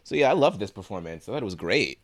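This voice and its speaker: A man's voice: fairly low pitch, very animated, fast talker, no echo, clean studio sound. A man co-hosting a casual podcast, enthusiastic and swearing freely. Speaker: podcast co-host.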